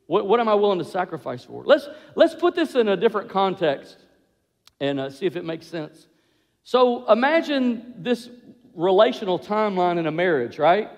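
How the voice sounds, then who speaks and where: A man preaching a sermon, animated, acting out the voices of couples as he goes. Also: high voice. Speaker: pastor. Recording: long hall reverb.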